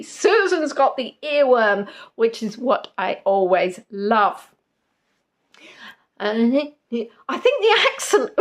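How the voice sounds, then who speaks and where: A woman's voice: on the high side, fairly bright tone. A woman hosting a live-stream quiz in a casual chat, giggly and jokey with rambling asides. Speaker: quiz host.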